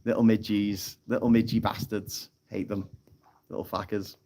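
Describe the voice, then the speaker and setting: A man's voice: fairly low pitch, little pitch movement, moderate pace, dark tone. A man hosting a casual live stream, telling a rambling story with frequent laughs and some swearing, speaking into a phone outdoors on an island.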